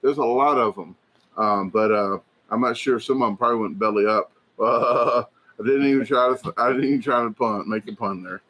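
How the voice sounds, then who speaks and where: A man hosting a casual livestream, rambling and chatty as he reads viewer comments aloud, filling pauses with lots of fillers and restarts. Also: medium pitch, a bit bright. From United States. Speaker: livestream host. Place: indoors at a hobby shop.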